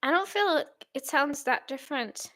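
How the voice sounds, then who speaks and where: A woman's voice: high-pitched, normal speed, sharp tone, no echo, studio quality. Hesitant nineteen-year-old woman, Swedish native speaker. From Sweden. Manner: hesitant and rambling, with many fillers and restarts. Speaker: streamer. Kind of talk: casual livestream chat.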